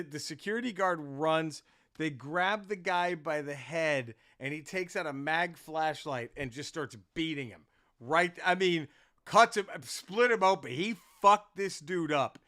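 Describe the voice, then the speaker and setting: A male comedian hosts a podcast and tells an animated, profane story in a fairly high voice. His delivery is forceful and punchy. The recording is close and dry, with no room sound. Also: no echo. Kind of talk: storytelling casual chat.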